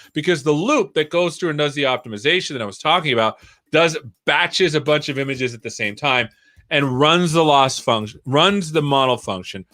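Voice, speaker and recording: A man's voice: a little high, bright, forceful tone, dry recording. Male livestream coding host, rambling think-aloud delivery, dry close mic. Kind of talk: live coding tutorial.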